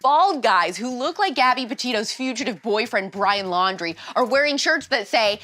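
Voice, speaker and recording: A woman hosting a show, giving sarcastic pop-culture commentary in a quick, punchy way. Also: fairly high pitch, expressive, sharp tone. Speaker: show host. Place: state of Arizona.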